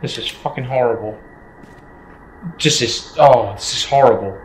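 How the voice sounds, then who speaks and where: Jittery, swearing gamer. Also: male voice, medium pitch, a little slow, reverberant, crowd noise, rough recording. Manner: jittery, swearing, keeps repeating himself. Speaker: gameplay streamer. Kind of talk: horror game commentary.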